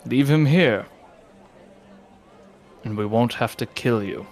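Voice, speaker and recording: A man's voice: darkish tone, a faint crowd. A game master voicing a blunt, menacing male city guard who threatens the party. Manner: low, slow, threatening.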